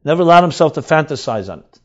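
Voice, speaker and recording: A man's voice: fairly high pitch, expressive, quick pace. A man teaching as a rabbi, explaining texts emphatically, repeating and rephrasing key words, with Hebrew terms mixed in. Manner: mixes in Hebrew and Aramaic terms. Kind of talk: explanatory Torah lecture. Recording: dull lo-fi recording.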